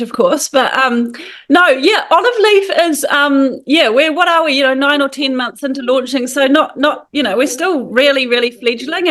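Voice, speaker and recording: A woman, a podcast guest talking about her support group in a chatty, animated way with lots of fillers. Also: on the high side. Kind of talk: casual podcast conversation.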